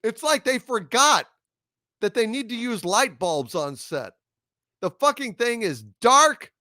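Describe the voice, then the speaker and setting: Profane ranting host, high bright voice, lots of shouting and sarcasm. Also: male voice, sing-song, unhurried, dry recording, studio quality. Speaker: panel show host. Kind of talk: angry ranting commentary.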